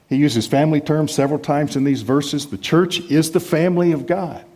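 Husky-voiced male pastor preaching. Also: mid-range voice. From United States. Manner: conversational, self-deprecating, lively emphasis. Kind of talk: sermon.

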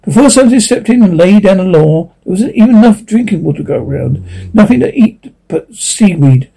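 A calm elderly doctor who explains things at length, patient and persuasive, as a man reads him aloud. The voice is mellow and a little husky, and it sits slightly higher than most men's. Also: fairly quick, exaggerated voice, low-quality recording. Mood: lecturing. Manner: persuasive, lecturing.

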